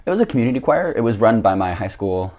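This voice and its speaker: A man's voice: on the low side, very animated, fast, darkish tone. A young man with a grainy voice, a jiu-jitsu coach telling stories as a guest in a casual chat, full of fillers and laughs. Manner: rambling storyteller, many fillers and laughs.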